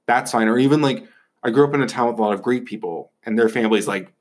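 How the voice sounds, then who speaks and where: A man's voice: mid-range voice, quick pace. A young man from Northeast Ohio hosting a casual chat, rambling and sarcastic, swearing freely. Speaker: host.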